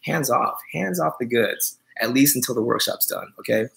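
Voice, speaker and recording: A man's voice: mid-range voice, expressive, normal speed, vocal fry, a bit bright. A man who is a dog groomer, chatting on a live stream, joking and teasing viewers as he rambles with many fillers.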